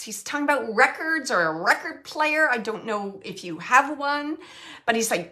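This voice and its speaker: Bright-voiced woman giving a tender reading. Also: a little high, expressive. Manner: halting, searching for words, soft and tender. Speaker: psychic medium. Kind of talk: spontaneous spirit reading.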